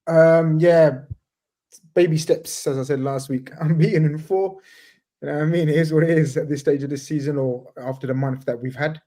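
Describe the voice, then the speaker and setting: A man's voice: on the high side, steady tone, normal speed, dark tone. A man on a football podcast in casual chat, laid-back and chatty, often saying "man" and "you know what I mean". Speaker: podcast panelist, football fan.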